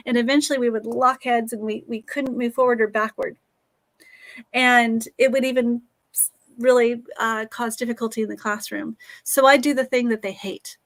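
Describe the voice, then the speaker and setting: A middle-aged woman speaks as an interview guest, earnest and reflective, now and then restarting a thought. Her voice sits a little higher than most. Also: a bit bright. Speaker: guest, author and teacher.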